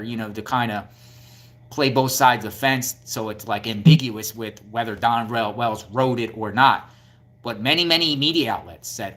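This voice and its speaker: A man's voice: mid-range voice, lively intonation, moderate pace, a bit bright. A man giving casual true-crime commentary, combative and repetitive, firing off rhetorical questions. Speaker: YouTube commentator.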